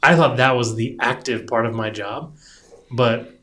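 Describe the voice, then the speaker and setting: A man co-hosting a casual talk show about design work, rambling and relaxed with lots of fillers. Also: medium pitch, measured pace. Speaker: podcast co-host, designer. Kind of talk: casual chat.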